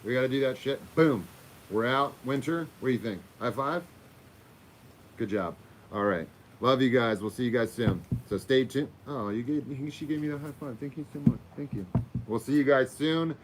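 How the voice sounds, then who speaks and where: In a relaxed end-of-stream chat, the Florida-based host rambles to viewers and his dog and swears every so often. He speaks in a mid-range voice at a moderate pace, with background noise present.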